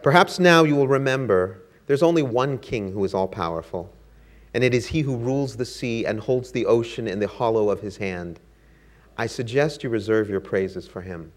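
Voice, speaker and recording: A man's voice: mid-range voice, animated, moderate pace, natural voice. A man doing a commanding old king. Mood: solemn. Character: proud old king, commanding the tide, later humbled.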